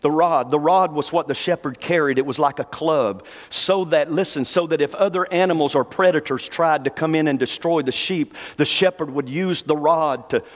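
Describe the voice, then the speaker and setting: A pastor preaching a sermon in a folksy, conversational way and slowing down to read scripture. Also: male voice, fairly high pitch. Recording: long hall reverb.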